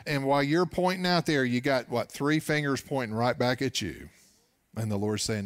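A man pastor preaching a radio sermon in a folksy storytelling manner, moving between hushed asides and emphatic points. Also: medium pitch, normal speed, no echo, clean studio sound. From Oklahoma.

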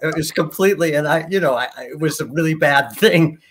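A man's voice: fairly high pitch, fairly quick, fairly bright tone, slight background noise. An older man, a guest performer on a video call, telling anecdotes in a rambling way with many restarts. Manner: rambling, many restarts, laughs at own stories. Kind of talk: anecdotal storytelling.

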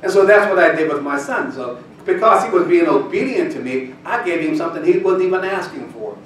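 A man preaching a sermon, telling a folksy personal story before building to loud, shouted scripture reading. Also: fairly high pitch, animated, a little fast, a little hiss or hum. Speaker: pastor. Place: church sanctuary. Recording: echoey church hall, distant mic. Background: congregation responses, room ambience.

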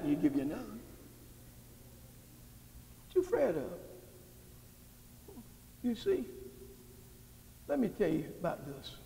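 A man preaching a sermon as pastor, calling out questions to the congregation and building to shouts. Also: a little high. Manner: call-and-response preaching, rising to shouts. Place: church sanctuary. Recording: long hall reverb.

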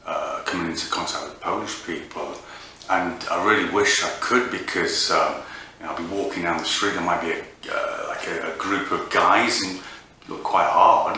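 A man from England delivering a comic monologue in a halting, rambling, hesitant way. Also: low-pitched, bright, forceful tone. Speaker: comedian. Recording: echoey room, distant mic, faint noise.

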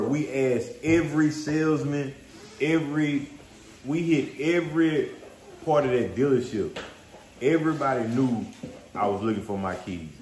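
Man, vlog host, casual slangy storytelling, echoey room, faint noise. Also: medium pitch. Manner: animated, conversational, slangy.

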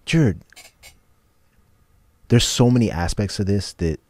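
A young man co-hosting a reaction video, talking excitedly and laughing in disbelief. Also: on the low side, slow, no echo. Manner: excitable, incredulous, laughs often. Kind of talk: casual reaction chat.

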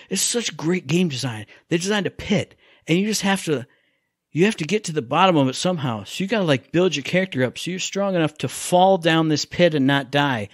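A man co-hosting a gaming podcast, telling animated stories in casual chat and laughing along. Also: a little high, fairly quick, dry recording, studio quality. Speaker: podcast co-host.

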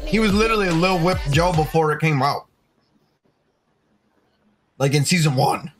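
A man's voice: on the high side, moderate pace, soft background music. A man streaming a game from home with his young son, in laid-back, casual chatter full of "dude". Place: home gaming setup.

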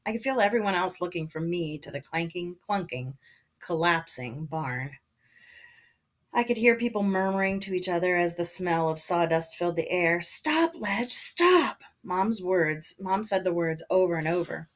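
A woman reads a children's novel aloud to her listeners, narrating with expression and giving the characters voices. She talks casually and sits a little low in pitch for a woman. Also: normal speed. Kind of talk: reading a book aloud to listeners.

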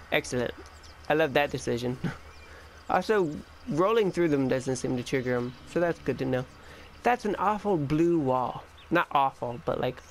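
A chatty, excitable man giving casual let's-play commentary, with a voice pitched a little higher than most men's. He jokes and scolds the enemies on screen as he plays. A faint hiss of noise sits under his voice. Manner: excitable and chatty, talks back to the game. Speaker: gaming channel host.

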